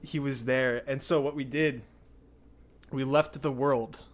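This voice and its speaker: A young man hosting a podcast, telling a story in a rambling, excitable way with lots of filler words. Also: medium pitch, a little slow. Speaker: podcast host. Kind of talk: casual storytelling chat.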